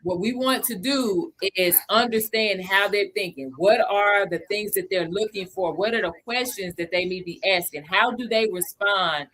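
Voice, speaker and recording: At a normal speed with few pauses, this woman teaches beginners on a crypto livestream in a medium-pitched, somewhat bright voice. Her manner is relaxed; she names viewers as she greets them between points, goes over the key numbers again and makes sure nobody is lost.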